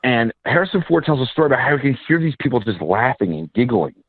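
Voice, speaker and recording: A man chatting as a guest filmmaker, an animated storyteller who tumbles through quick asides and restarts. His voice sits at an ordinary middle pitch and comes through a thin, phone-like line. The sound is dry, with no room around it. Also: slightly rough, dry recording. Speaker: independent filmmaker and actor, guest. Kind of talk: casual interview chat.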